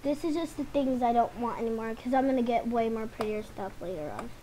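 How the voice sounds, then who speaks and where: High-pitched girl chatting to viewers while gaming, rambly and casual. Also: fairly quick, warm tone, slight background noise, rough recording. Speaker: gaming channel host. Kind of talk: casual commentary over gameplay.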